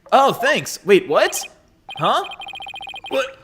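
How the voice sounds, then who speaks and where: A man's voice: a little high, sing-song, normal speed, noisy background. A young man hosting a game playthrough, reading the hero's lines aloud earnestly. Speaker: let's play host. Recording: game music playing behind. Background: game music.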